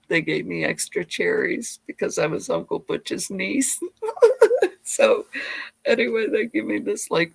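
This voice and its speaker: A middle-aged woman hosting a live homestead stream, telling childhood stories in a rambling, animated way. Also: low-pitched, gravelly, dry recording. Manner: rambling, animated, side-tracked. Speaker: homestead channel host. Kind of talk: casual live storytelling. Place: home livestream.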